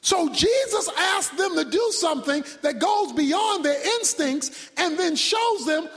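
A man preaching a sermon as pastor, swinging from loud shouts down to near-whispers. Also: extremely high pitch, expressive, a little slow, hardly any pauses, soft background music. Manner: preaching with sudden shouts and drops to a hush. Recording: long hall reverb.

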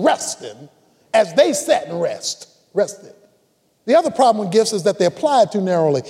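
Male pastor, emphatic repetitive sermon delivery, very lively pitch. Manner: emphatic preaching with repetition and call-and-response. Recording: long reverb of a large hall.

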